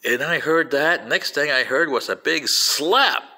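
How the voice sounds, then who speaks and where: Telling stories to a crowd, this man, whose first language is Spanish, keeps breaking off to address listeners directly. He speaks at a measured pace, animated, his bright, edged voice leaping up in pitch on stressed words.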